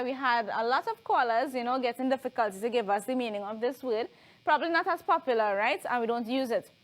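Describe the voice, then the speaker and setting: High-voiced woman teaching. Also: a bit bright. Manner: explanatory, frequent tag questions. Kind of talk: televised classroom lesson.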